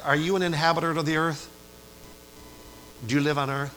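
A man's voice: mid-range voice, a little fast, slight background noise, rough recording. Man preaching a dramatic sermon. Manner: preaching with big swings between quiet asides and loud rising climaxes; asks the congregation repeated questions.

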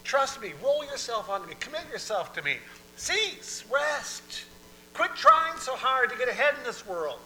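A man voicing God as a calm, reassuring authority who hushes and gives short, firm commands. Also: very high-pitched, a little slow, slight background noise, pitched above the performer's own voice, exaggerated voice, low-quality recording.

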